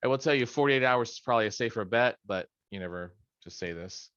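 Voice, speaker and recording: A man's voice: mid-range voice, fast talker, fairly bright tone, smooth, dry recording, muffled recording. Rambling, joking man teaching a study session. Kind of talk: casual training talk. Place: home office.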